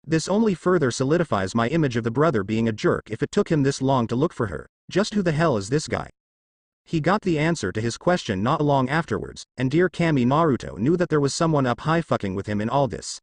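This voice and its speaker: A man's voice: mid-range voice, very animated, a little fast, dry recording, clean studio sound. A man reading a fan fiction story aloud, casual, adding his own asides. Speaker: narrator.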